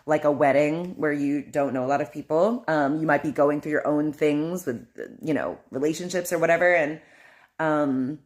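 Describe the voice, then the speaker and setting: Low-voiced woman gushing about a trip. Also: normal speed, a little mellow. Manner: dreamy, gushing, lots of likes and ums. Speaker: podcast host. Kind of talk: casual personal storytelling.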